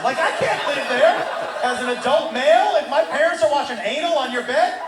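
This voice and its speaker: A man doing stand-up, telling a story in an animated way that bursts into shouting. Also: very high-pitched, moderate pace, crowd noise. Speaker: comedian. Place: comedy club stage. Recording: roomy live club recording from a distance. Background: audience laughter and room noise.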